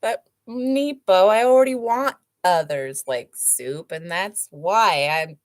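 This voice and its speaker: A woman hosting a show, reading a book passage aloud slowly and then chatting casually with many fillers. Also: lowish voice, no echo. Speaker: host.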